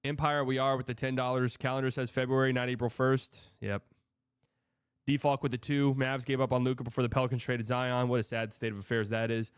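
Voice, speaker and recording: A man's voice: medium pitch, flat delivery, fairly quick, clean tone, no room sound, studio quality. A young man hosting a casual sports livestream, reading out donations and rambling with exasperated, profane reactions. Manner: exasperated, rambling, swearing, reads donor messages aloud.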